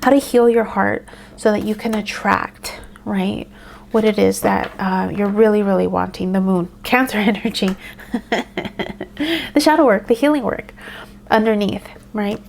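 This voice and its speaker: Woman doing a tarot reading, gravelly voice, lots of ums, faint hiss and card shuffling behind. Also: medium pitch, fairly even intonation, moderate pace. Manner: meandering, with frequent ums and soft laughs. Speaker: tarot reader.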